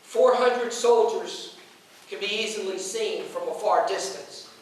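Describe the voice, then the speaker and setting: A man's voice: sits high, measured pace. A male pastor telling a story in a sermon, acting out the quoted lines and restarting his words often. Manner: retelling a story with quoted voices and frequent restarts. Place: church sanctuary. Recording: very echoey church room, mic far off.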